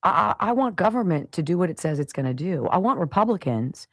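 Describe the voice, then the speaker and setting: A woman's voice: fairly low pitch, very animated, fairly quick, dry recording. A middle-aged woman hosting a talk radio show, venting in an opinionated monologue and mimicking sounds and voices. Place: home studio with camera. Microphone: studio mic.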